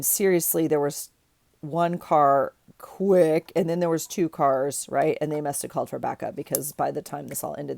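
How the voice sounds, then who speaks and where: A woman's voice: deep voice, vocal fry, no room sound. A woman in her forties telling a story in a casual, chatty way while she works on a journal, filling it with lots of "like"s. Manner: chatty, animated retelling with many "like"s. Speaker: journaling vlogger.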